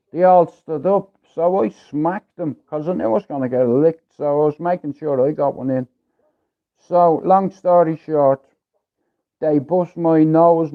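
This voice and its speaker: Man from Ireland, livestream host, blunt, swearing, casual storytelling, slightly high voice, tinny audio.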